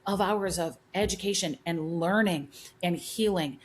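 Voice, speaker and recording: A middle-aged woman with a fairly low voice tells stories with heavy emphasis, circling back to repeat her points. She talks as a hairdresser guest in a relaxed podcast chat. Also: measured pace, a little hiss or hum. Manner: emphatic storyteller, many restarts and repeats. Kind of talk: animated podcast conversation.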